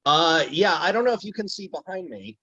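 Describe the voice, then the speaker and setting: A man's voice: high-pitched, very animated, fairly quick, bright, forceful tone, breathy edge, dry recording, lo-fi sound. A man speaking as a voice actor guest in a casual interview, telling stories with enthusiasm. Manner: enthusiastic, storytelling, drops into character voices.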